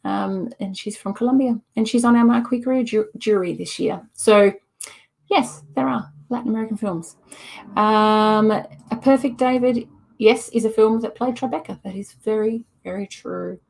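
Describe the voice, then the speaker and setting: A woman's voice: a little high, moderate pace, gravelly, a little mellow. A woman, a festival director hosting a live-streamed preview and answering chat questions off the cuff, hesitant with many ums.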